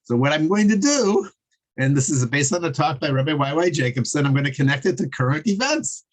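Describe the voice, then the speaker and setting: A man's voice: fairly high pitch, animated, a little fast. A man teaching a casual online Torah class over a video call, chatty and digressive, chuckling as he tells jokes.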